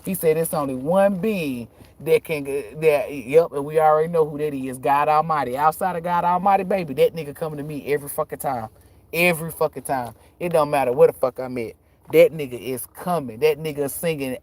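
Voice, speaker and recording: A woman who reads tarot talks casually and bluntly to her viewers, swearing often and telling animated stories. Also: low voice, a little fast, dry recording. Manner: profane, emphatic, animated storytelling; slangy and blunt. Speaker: tarot reader.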